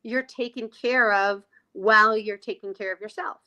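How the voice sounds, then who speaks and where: A woman guest on a podcast, talking reflectively and often pausing to find her words. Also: medium pitch, steady tone, sharp tone. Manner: reflective, searching for words, many fillers. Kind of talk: conversational podcast chat.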